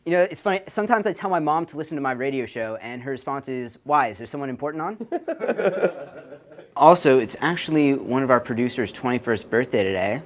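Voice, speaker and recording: A young man hosting a college comedy show, delivering jokes in a deadpan way with small laughs between them. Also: medium pitch, fairly quick. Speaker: host. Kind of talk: joking late-night host monologue.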